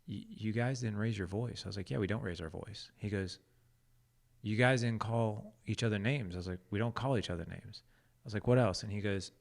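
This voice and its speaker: Low gravelly man telling a story. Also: fairly quick. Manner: laid-back, laughs easily, acts out quotes. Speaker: podcast guest. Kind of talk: casual storytelling.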